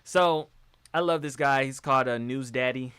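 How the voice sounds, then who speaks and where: A man hosting a live-stream show, talking in an animated, emphatic way with many restarts and fillers. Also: medium pitch, normal speed, clear, resonant tone, no room sound. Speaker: show host. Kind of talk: casual live-stream commentary.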